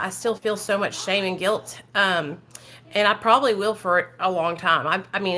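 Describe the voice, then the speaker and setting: A woman in her thirties vlogs to her viewers, emotional and rambling, with many fillers and asides. Her voice is mid-range with a sharp tone, and the recording is rough.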